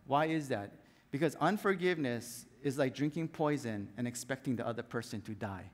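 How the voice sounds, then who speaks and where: A pastor speaks briskly at a medium pitch with few pauses, his voice carrying the big-room sound of a church hall. His lively sermon is built around a story, with scenes and sound effects acted out along the way.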